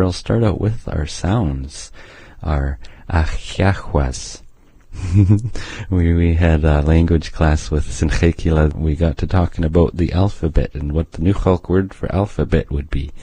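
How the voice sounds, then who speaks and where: A man's voice: low voice, measured pace, dark tone, breathy edge, no echo. A man teaching a language's alphabet on radio, drawing out each sound as he pronounces it. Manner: drags out sounds when pronouncing them.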